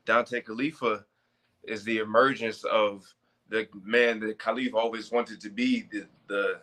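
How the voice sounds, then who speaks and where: A man in his twenties with a fairly low voice talks casually as an interview guest. He is animated and leans hard on certain words to make his point. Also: unhurried. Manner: animated, stressing words for emphasis. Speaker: professional wrestler guest.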